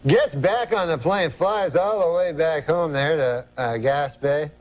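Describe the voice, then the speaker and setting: A man telling a halting, rambling deadpan anecdote as a talk show guest. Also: a little high, heavy background noise. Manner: halting, rambling deadpan storytelling with put-on voices. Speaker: comedian guest.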